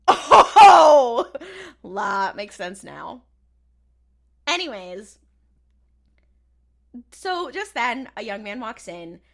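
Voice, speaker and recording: A woman co-hosting a podcast, recapping a TV episode in casual chat, laughing often and acting out the characters' lines in flat mock voices. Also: on the high side, extremely slow, long pauses. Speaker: podcast co-host.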